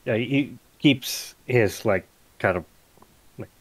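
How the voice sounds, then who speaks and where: Slow, hesitant man describing his character. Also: medium pitch, husky. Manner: hesitant, with many fillers and restarts. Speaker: player.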